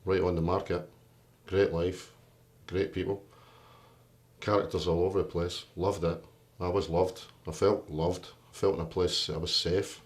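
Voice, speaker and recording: A man's voice: low voice, level tone, unhurried. A man, interviewed in a documentary, telling his own story in a candid, plain-spoken way. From Britain. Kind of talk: personal storytelling.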